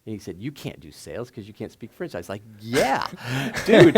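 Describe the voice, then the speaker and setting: Gravelly laughing man telling stories onstage. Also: lowish voice, normal speed. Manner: animated, laughs often, many fillers and restarts. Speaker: startup founder and guest. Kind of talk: casual onstage storytelling. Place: stage before a live audience.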